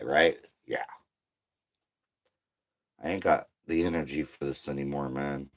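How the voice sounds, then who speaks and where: A man's voice: a bass voice, fairly even intonation, measured pace, pauses often, dry recording. A tired man venting to camera in a slangy, profane monologue, worn down and getting heated. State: exhausted.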